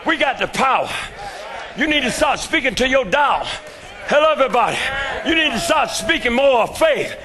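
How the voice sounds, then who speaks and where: An older man preaching a fervent sermon in a church, shouting his lines and calling out to the congregation. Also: extremely high pitch, lively intonation, normal speed, crowd noise.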